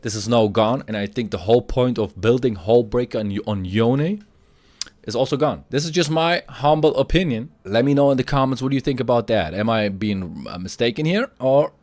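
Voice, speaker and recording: A man who is a little sick, explaining a video game item build and reading item stats aloud, getting excited as he hypes the items. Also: mid-range voice, normal speed, no room sound. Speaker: game guide creator. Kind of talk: gameplay guide commentary.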